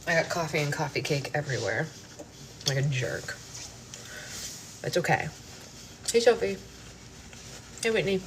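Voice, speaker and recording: Low-voiced, chatty woman hosting a home book club stream; echoey room, faint background hiss. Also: big pitch swings, a little slow, long pauses. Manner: chatty, greets viewers by name. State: hiccups. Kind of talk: casual livestream chat and read-aloud.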